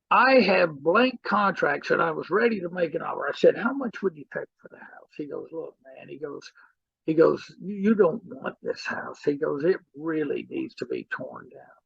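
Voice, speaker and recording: A middle-aged man teaching real estate as an animated storyteller who acts out the dialogue in his anecdotes. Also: high-pitched, gravelly, slightly rough, no room sound, lo-fi sound. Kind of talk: storytelling seminar talk.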